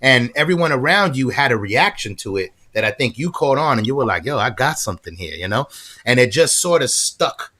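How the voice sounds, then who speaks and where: A man hosting a casual podcast chat, animated and full of praise for his guest, often repeating words as he talks. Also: mid-range voice, a little fast. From Florida. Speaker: podcast host.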